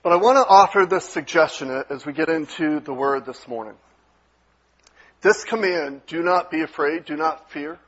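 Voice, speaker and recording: A male pastor delivering a conversational sermon, dropping to a soft, gentle tone when he voices reassuring words. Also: on the high side, breathy edge, lo-fi sound. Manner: conversational preaching with soft quoted asides.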